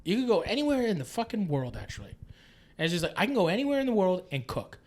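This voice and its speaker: A man from Canada in his late thirties, talking as a guest on a podcast. His voice sits high for a man. He rambles and restarts, swears a lot and leans on "like" constantly. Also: very animated, fast, a little mellow. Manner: rambling and profane, full of filler "like"s. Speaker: guest chef. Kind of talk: casual podcast chat.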